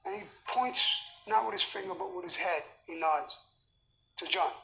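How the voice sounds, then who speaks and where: A man's voice: high voice, moderate pace, creaky, low-quality recording. A man, telling blunt, profane stories as an interview guest. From United States. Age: 70s. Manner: blunt, profane, animated storytelling. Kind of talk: storytelling in a sit-down interview.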